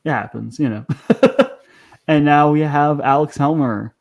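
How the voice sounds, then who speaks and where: A man's voice: on the high side, a little slow, creaky, highs cut off. A man hosting a podcast, talking casually and chattily, with frequent ums and restarts. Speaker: podcast host.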